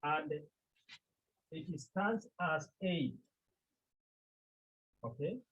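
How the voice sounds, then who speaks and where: Slow, deliberate Cameroonian man teaching over a tinny line. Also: fairly high pitch, lively intonation, a bit bright, husky. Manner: slow, deliberate, repeats key points and checks with "Okay?". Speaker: Greek teacher. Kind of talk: classroom lecture.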